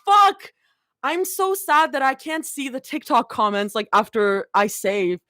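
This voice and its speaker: A high-pitched young woman reacting live on a stream. She shrieks and laughs, and her voice jumps all over the place. Between the outbursts she slows down and stretches her words. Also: sing-song, pushed and bright, no room sound, studio quality. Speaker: streamer reading fan fiction. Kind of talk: excited live reading reaction.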